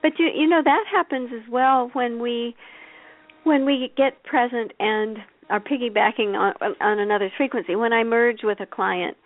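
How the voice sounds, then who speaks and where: A woman's voice: on the high side, fairly even intonation, normal speed, no echo. A woman telling stories as a guest in a radio interview, chatty and anecdotal. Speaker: intuitive reader, guest. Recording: dry, tinny phone line.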